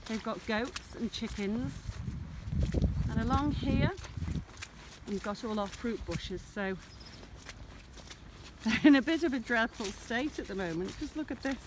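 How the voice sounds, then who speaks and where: A chatty woman with a slightly high voice walks through her farm fields, filming herself on a handheld camera. She talks in a meandering, affectionate way about her plants and animals. Faint rural sounds carry on softly behind her in the open air. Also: a little slow, pauses often, noisy background. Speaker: shepherdess showing her smallholding. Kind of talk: casual walking tour vlog.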